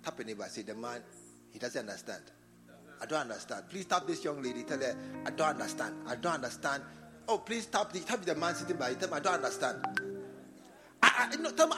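A man with a Ghanaian English accent preaching a sermon in church, repeating phrases and swinging from quiet talk to loud exhortation. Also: mid-range voice, very animated, fairly quick, over music. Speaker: bishop preaching. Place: church service.

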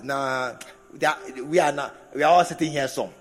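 A man preaching a sermon to a congregation, animated, with laughing asides and drawn-out emphasis. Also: a little high. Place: large hall with congregation. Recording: echoey hall from a distance.

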